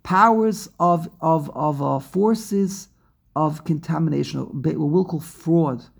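Leading a scripture study class, a man reads phrases aloud, translates them, and walks his students through them step by step, restarting and adding asides. His voice is fairly high-pitched and gravelly, dark in tone and slightly rough.

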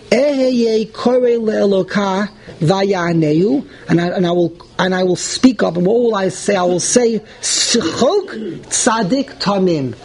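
High-voiced man teaching a text class. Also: unhurried, poor audio. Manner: translates phrase by phrase, animated and indignant at points. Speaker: Torah teacher.

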